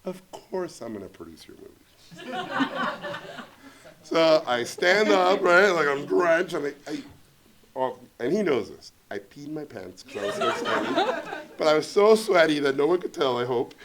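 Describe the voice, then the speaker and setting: A man telling a comic anecdote to a student audience, animated and laughing as he acts out quoted lines. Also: on the high side, moderate pace, crowd noise. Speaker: guest filmmaker at a student Q&A.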